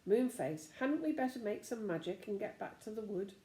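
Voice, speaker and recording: A woman's voice: medium pitch, animated, moderate pace, warm tone, reverberant, lightly acted. A woman reading Goldilocks, a brave little girl. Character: brave practical young girl.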